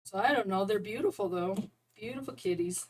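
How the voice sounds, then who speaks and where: A woman's voice: mid-range voice, brisk, a little mellow, poor audio. Chatty woman rambling about cats. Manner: chatty and rambling, laughs often. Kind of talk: casual chat about neighborhood cats.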